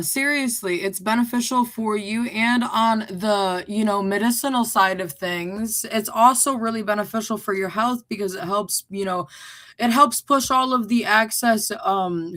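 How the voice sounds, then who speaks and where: A woman's voice: medium pitch, a bit bright. A woman co-hosting a podcast, teasing and joking in a playful, mock-earnest tone. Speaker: podcast co-host. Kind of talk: joking casual chat.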